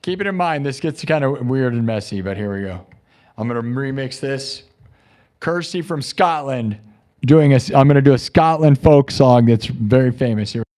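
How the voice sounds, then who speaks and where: A man with a medium-pitched, darkish voice sounds animated and talks at a normal speed while hosting a live music stream. He makes rambling small talk between songs over live looped music, restarting his sentences as he goes.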